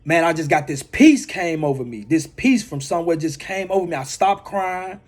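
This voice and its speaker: A man's voice: on the high side, animated, moderate pace. A man, a motivational speaker, telling a personal testimony and repeating phrases for emphasis.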